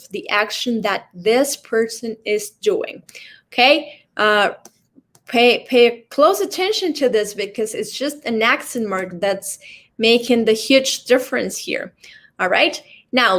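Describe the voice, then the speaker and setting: A woman teaching an online language class. She talks slowly, in a slightly high voice. She keeps pausing to ask "okay?" as she explains. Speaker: Spanish teacher.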